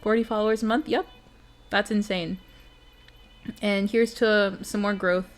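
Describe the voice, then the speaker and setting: A woman's voice: medium pitch, steady tone, unhurried, soft background music. A young woman streamer in casual chat with her viewers, giggly and emotional, talking straight to her chat.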